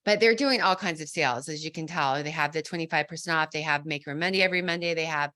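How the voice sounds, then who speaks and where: A woman's voice: deep voice, fast talker, sharp tone. A woman hosting a casual team video call, upbeat and chatty.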